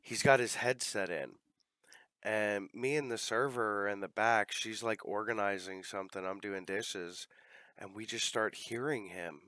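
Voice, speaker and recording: A man's voice: lowish voice, unhurried, bright, forceful tone, dry recording, studio quality. A man hosting a casual chat, telling long profane rambling stories.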